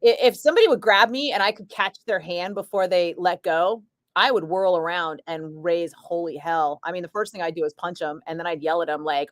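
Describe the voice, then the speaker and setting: A woman's voice: lowish voice, a little fast, no echo. A middle-aged woman, a radio DJ, chatting casually and bluntly with her stream viewers and answering their comments. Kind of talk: casual livestream chat.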